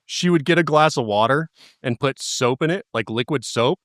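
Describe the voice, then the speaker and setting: A man's voice: mid-range voice, normal speed, fairly bright tone, no echo, clean studio sound. A man in his thirties on a casual podcast, telling family stories with heavy swearing and frequent laughter. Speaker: podcast guest.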